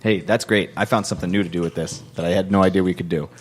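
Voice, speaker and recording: Low-voiced playful male podcast co-host. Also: steady tone, very fast, slight background noise. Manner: playful, fiddling with sound effects while talking. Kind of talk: goofy comedy podcast banter.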